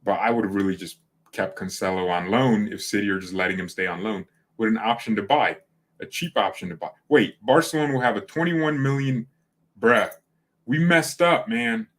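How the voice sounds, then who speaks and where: A man's voice: on the low side, normal speed, a bit bright. A man hosting a fan channel in casual livestream chat, rambling, correcting himself and joking. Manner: rambling, self-correcting, jokey.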